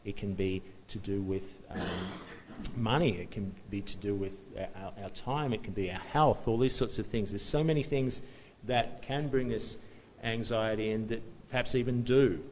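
A man's voice: lowish voice, normal speed, a little mellow, a little hiss or hum, poor audio. A man preaching a sermon in a conversational, self-deprecating way, often restarting and chuckling at himself.

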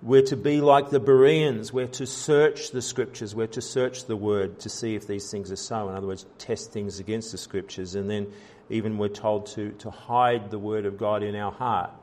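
A man's voice: fairly low pitch, fairly even intonation, moderate pace, darkish tone. A man preaching a sermon as pastor, in an earnest style with frequent fillers, restarts and rising emphasis.

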